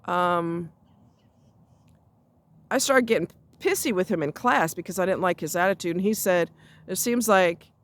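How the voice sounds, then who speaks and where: A woman's voice: fairly low pitch, normal speed, pauses often. Blunt, chatty woman telling a story. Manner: blunt, salty and chatty, with frequent asides. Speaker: vlogger. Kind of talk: casual storytelling chat. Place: outdoors near a road, walking a dog.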